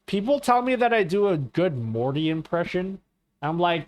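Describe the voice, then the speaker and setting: On a live stream, a man chats loosely in a high-pitched voice with big pitch swings and a moderate pace. He rambles, curses, and repeatedly asks his viewers "okay?"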